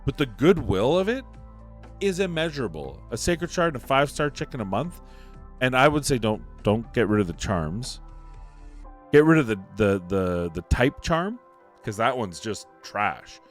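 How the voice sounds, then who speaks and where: A man's voice: mid-range voice, big pitch swings, normal speed, soft background music. A man giving opinionated commentary on a mobile game, emphatic and ranting, repeating points for emphasis. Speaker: mobile game content creator.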